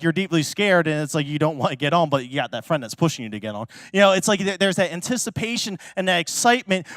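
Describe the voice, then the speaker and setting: A high-pitched man preaching as a pastor, telling stories in a loose, chatty way with plenty of fillers. He breaks into sudden loud, excited exclamations. The recording is dry and close, with no room echo. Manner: casual and chatty, many fillers like "like" and "you know". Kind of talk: sermon with personal storytelling.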